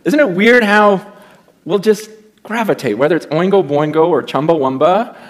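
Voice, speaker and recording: Middle-aged man, pastor giving a sermon, fairly high voice, animated storytelling, loud then hushed. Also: normal speed.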